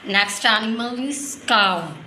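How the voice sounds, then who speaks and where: A woman with a slightly high, bright, pushed voice speaks slowly as she teaches toddlers about animals, using simple sentences and plenty of questions. The echoey room carries faint noise.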